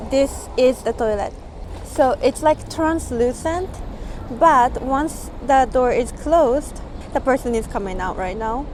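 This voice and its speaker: Female vlogger, Japanese accent, bright high register, loose filler-heavy chat on a phone mic, heavy street noise. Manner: rambling, full of "like" fillers. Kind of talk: casual vlog chat. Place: outdoors on busy city streets. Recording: loud street and traffic noise.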